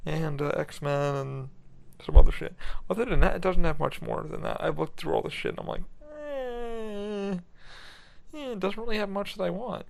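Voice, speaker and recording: A man's voice: fairly high pitch, vocal fry, a little mellow. A young man hosting his podcast alone, rambling through a casual, profane chat from his bedroom and laughing often. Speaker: podcast host. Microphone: laptop recording.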